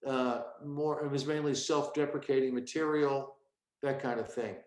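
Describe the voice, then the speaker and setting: Brief: male comic, 60s, mid-pitched, storytelling guest who slips into his stage bits, recorded in a roomy, echoey space. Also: steady tone, moderate pace, darkish tone. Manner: acts out bits of his old stand-up act mid-story. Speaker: stand-up comedian guest. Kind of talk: storytelling interview. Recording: echoey room.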